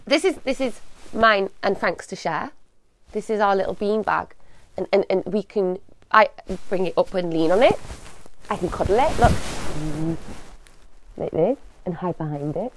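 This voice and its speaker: A woman with a cold hosting a live advice show for children, talking gently and repeating words as she shows things. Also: mid-range voice, lively intonation, unhurried, long pauses. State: has a cold.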